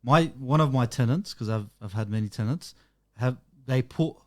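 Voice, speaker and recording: A man's voice: mid-range voice, normal speed. A young man, co-hosting a casual chat and telling stories, acting out what people said. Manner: animated storyteller acting out quotes. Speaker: podcast co-host.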